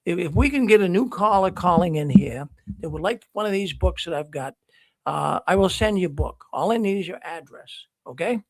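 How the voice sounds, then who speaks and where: Guy hosting a call-in stream, rambles and restarts a lot, high voice, dry mic. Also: expressive, moderate pace, no echo. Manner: rambling storyteller with many restarts. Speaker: host of a call-in livestream show. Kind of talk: casual live call-in talk.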